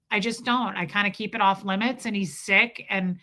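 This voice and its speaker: A woman's voice: mid-range voice, normal speed, few pauses, bright, forceful tone, faint music behind. A woman hosting a livestream, telling a heartfelt personal story to her chat in a confiding way with many restarts. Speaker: livestream host.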